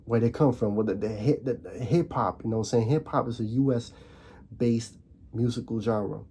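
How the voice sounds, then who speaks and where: A young man hosting his own channel, ranting casually to camera in a fired-up way, stumbling and repeating words, his voice leaping higher on emphatic points. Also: moderate pace, dark tone, husky. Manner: frequent restarts and repeated words. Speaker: video host.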